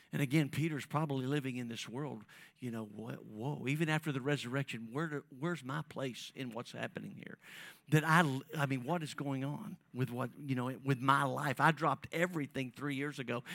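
A man preaching a sermon, calling on the congregation and swinging between loud emphasis and soft, drawn-out phrases. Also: medium pitch, vocal fry, no room sound. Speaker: pastor.

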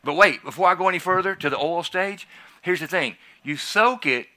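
A man who is a pastor, telling a personal testimony in a sermon, swinging from quiet asides to loud, excited emphasis. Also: sits high, a little fast.

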